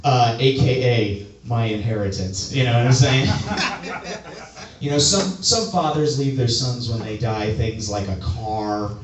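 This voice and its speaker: A man from the suburbs doing a stand-up comedy set, rambling and self-mocking, now and then breaking into loud outbursts. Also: medium pitch, a little slow. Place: comedy club stage. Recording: echoey room, mic from a distance.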